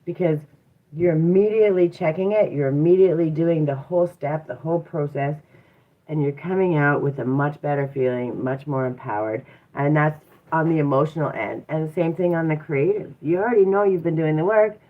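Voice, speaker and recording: Woman livestream host, low voice, reflective coaching tone, phone-quality tinny sound. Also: a little fast. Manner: reflective and encouraging, many rhetorical questions and "um"s. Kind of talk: casual motivational livestream talk. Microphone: device mic from a live stream. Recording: tinny phone-like live stream audio.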